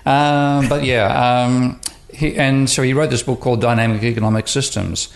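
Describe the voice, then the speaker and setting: A man's voice: medium pitch, fairly even intonation, normal speed, creaky. A man speaking as an economics professor on a podcast, rambling and restarting often in casual chat.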